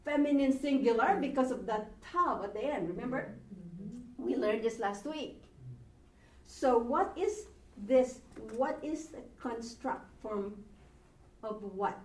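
A woman's voice: high voice, a little mellow. A woman teaching a language class, patient and encouraging, sounding out words syllable by syllable. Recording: echoey room from a distance, faint background noise.

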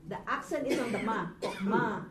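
Woman teaching a class, slow and patient, slightly high voice, roomy classroom from a distance, faint noise. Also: lively intonation. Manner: patient, asks the class questions. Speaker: Hebrew teacher. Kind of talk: classroom lesson.

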